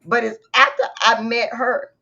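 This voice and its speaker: A woman's voice: on the high side, flat delivery, unhurried, gravelly, sharp tone. A woman hosting an interview, talking in a preacher-like way and quoting scripture. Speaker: interview host. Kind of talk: interview, faith talk. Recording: dull, slightly muffled audio.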